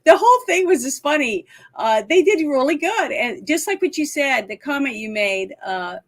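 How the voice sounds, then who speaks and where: A woman's voice: sits high, lively intonation, normal speed. A woman co-hosting a casual talk show, retelling film scenes with lots of laughter. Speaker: podcast co-host. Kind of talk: casual chat about a film.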